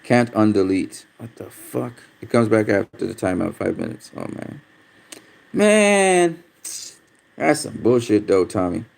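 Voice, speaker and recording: A man's voice: lowish voice, moderate pace, vocal fry, hardly any pauses, darkish tone. A man hosting a casual livestream, talking bluntly with lots of swearing and getting easily frustrated as he reads viewer comments. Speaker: livestream host. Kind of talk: casual livestream chat about boxing, reading viewer comments.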